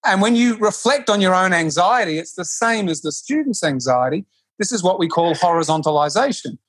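A man who teaches yoga, speaking in a relaxed conversation and often restarting his sentences or acting out quotes. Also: sits high, a little fast, slightly rough. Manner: animated, with frequent restarts and acted-out quotes. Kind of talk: casual conversation.

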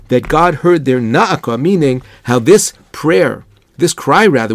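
A man's voice: medium pitch, creaky, dry recording. A man giving an earnest, thoughtful Torah lecture, explaining ideas with Hebrew and Yiddish terms. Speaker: rabbi giving a Torah lesson.

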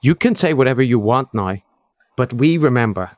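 A curt, accusatory commenter, read by a man speaks in short, flat lines at a middling pitch. The sound is dry and close. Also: normal speed, dry recording, close to an everyday voice. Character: terse, accusatory male online commenter.

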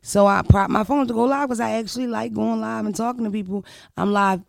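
A woman's voice: on the high side, fairly even intonation, brisk, vocal fry, dry recording, clean studio sound. A woman hosting a podcast, telling a story in a brash, profane, emphatic way and sprinkling in curse words. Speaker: podcast host. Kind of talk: casual storytelling chat.

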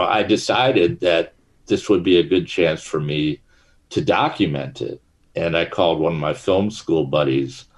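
A middle-aged man, a guest in an interview, telling stories in a rambling way with many fillers and restarts. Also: sits low. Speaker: actor and guest. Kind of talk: casual interview chat.

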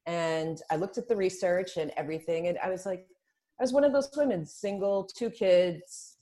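A woman's voice: on the low side, normal speed, dark tone. Emphatic woman explaining eagerly. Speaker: guest, spa business founder. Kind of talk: casual podcast chat.

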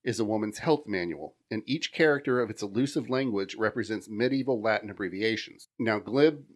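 A man's voice: fairly low pitch, fairly quick. A man hosting a podcast, reading his research notes aloud in casual chat and laughing between lines. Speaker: podcast host.

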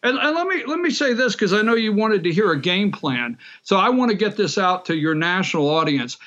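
A man's voice: high voice, very animated, a little fast, a bit bright, highs cut off. A man from Georgia, a party official, speaking as a guest on a political talk show, fervent and often restarting his words.

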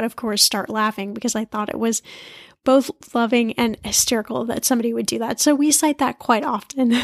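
A woman hosting a podcast in a chatty, animated way, laughing easily as she talks. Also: fairly high pitch, dry recording, clean studio sound. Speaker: podcast host. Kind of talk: casual chat.

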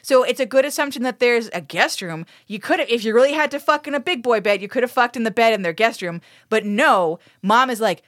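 A woman recapping a TV episode on a podcast, swearing a lot and acting out the characters' lines with big, animated energy. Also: on the high side, brisk, no echo, clean studio sound. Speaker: podcast co-host. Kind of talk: casual podcast recap chat.

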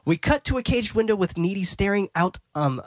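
A man's voice: sits high, expressive, a little fast, dry recording, studio quality. A man hosting a podcast, casually recapping film scenes, often restarting phrases and laughing. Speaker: podcast host.

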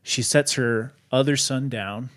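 A man's voice: medium pitch, measured pace. Casual man telling a spooky story. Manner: animated, lots of "like" fillers. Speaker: podcast host.

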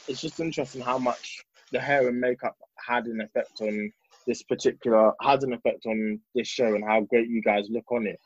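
A man's voice: medium pitch, breathy edge, no echo. A man hosting a podcast, talking with enthusiasm and praise for his guests. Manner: enthusiastic, complimentary. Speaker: podcast host. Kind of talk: casual podcast interview. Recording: dry lo-fi mic sound.

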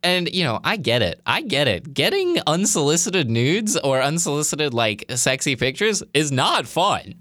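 A man's voice: on the high side, sing-song, moderate pace, few pauses, sharp tone, dry recording, studio quality. A young man casually telling a personal story, chatty and filler-heavy, animatedly quoting himself.

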